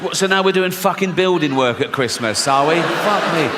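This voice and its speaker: A man's voice: on the high side, lively intonation, normal speed. A man performing stand-up comedy, telling crude, sardonic stories full of swearing. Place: live comedy venue on stage. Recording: live hall reverb, faint noise.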